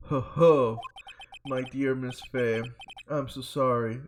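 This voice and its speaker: A streamer putting on a smug, theatrical villain. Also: male voice, mid-range voice, steady tone, slow, noisy background, close to an everyday voice. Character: pompous, sinister middle-aged man blackmailer.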